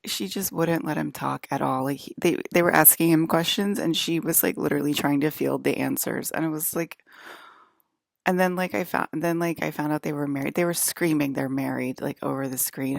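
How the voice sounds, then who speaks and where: A woman's voice: sits low, creaky, no echo, studio quality. A woman in a casual, rambling vlog monologue, ranting with exasperation and filling her talk with "like" and restarts. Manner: filler-heavy, frequent "like", restarts. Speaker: vlogger.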